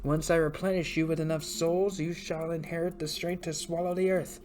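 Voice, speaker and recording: A woman voicing an ancient, scheming male villain who speaks in a grand, slow, menacing way. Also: low-pitched, level tone, a little mellow, faint music behind, lightly acted.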